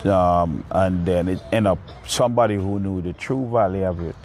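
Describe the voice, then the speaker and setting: A Jamaican man speaks in a low voice, reflective as he recounts the past. He is recorded outdoors, with faint traffic noise behind him. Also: normal speed, a little mellow. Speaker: interview guest. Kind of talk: storytelling interview answers.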